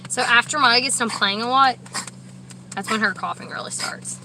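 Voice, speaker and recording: A young woman chatting casually from a parked car, rambling, talking in a high baby voice to her dogs between asides. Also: moderate pace, noisy background. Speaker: vlogger with service dogs. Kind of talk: casual chat.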